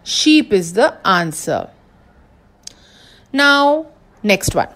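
A woman kindergarten teacher with an Indian English accent reads animal riddles aloud at an unhurried, deliberate pace. Her voice sits in a middle register as she coaxes small children to guess, patient and encouraging. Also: medium pitch, animated. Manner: slow, patient, coaxing teacher voice.

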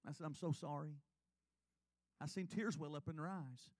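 A man's voice: fairly high pitch, normal speed, a little mellow, no echo. A man, preaching in church and telling his own testimony in an earnest, confessional way. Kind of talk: sermon testimony. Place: church sanctuary.

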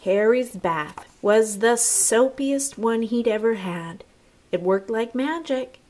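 A woman teacher reads a children's picture book aloud in a fairly high voice. She takes her time, unhurried and expressive, and stops now and then to chat with her young listeners. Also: a little hiss or hum. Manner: slow and expressive, with asides to the listeners.

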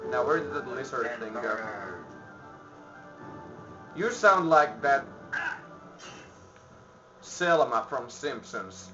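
Male let's-play commentator, panicky yelling and low mutters, dull lo-fi audio with faint music underneath. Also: expressive, slow pace, long pauses. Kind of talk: game commentary.

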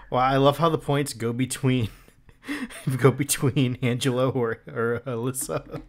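A man's voice: mid-range voice, takes it slowly. A man hosting a live stream, chatting casually and laughing often while playing a card game with friends. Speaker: stream host.

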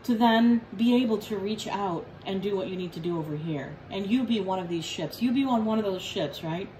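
A woman giving a casual tarot reading in a blunt, profane, joking way. Her voice sits at a middling pitch for a woman. Faint room noise hums behind her. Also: a little fast, dark tone, rough recording. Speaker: tarot reader.

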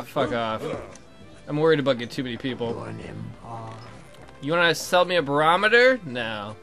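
A man giving casual, profane, sarcastic commentary while playing a video game. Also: on the high side. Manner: swears a lot, excitable, sarcastic. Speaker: let's play gamer.

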